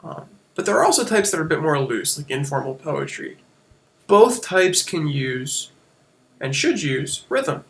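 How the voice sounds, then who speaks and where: A man's voice: a little high, big pitch swings, measured pace, gravelly. A man teaching a casual lesson on a screen recording, explaining as he goes and correcting himself now and then. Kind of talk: screen-share lesson on poetic meter.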